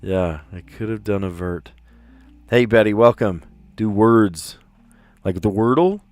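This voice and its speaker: Excitable man thinking out loud. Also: lowish voice, unhurried, dry recording. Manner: thinks aloud, excitable, self-mocking. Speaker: word puzzle streamer. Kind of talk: casual live-stream chat.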